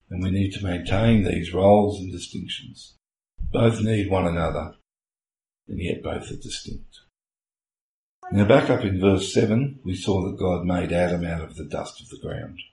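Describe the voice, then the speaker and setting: A man's voice: low-pitched, darkish tone. A man preaching a sermon as a pastor, explaining earnestly with homely everyday illustrations, recorded in a church. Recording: echoey room with faint hiss.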